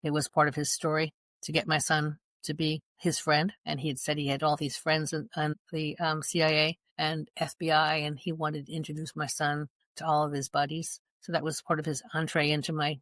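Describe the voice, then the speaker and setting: A woman's voice: deep voice, flat delivery, brisk, hardly any pauses, fairly bright tone, no room sound. A middle-aged woman, a mother and guest, giving an earnest personal account in conversation and acting out past dialogue as she goes. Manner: earnest, reenacts dialogue in her retelling.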